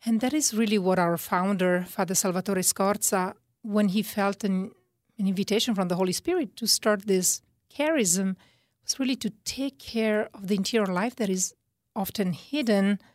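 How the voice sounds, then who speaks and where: A woman with an Italian accent, a religious sister speaking as a guest on a radio talk show about faith, reflective and measured. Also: medium pitch, darkish tone, no echo, studio quality.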